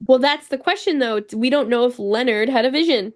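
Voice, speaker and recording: Animated woman podcast co-host, fairly high. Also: fairly quick. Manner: animated storyteller, acts out quotes. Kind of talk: casual podcast chat.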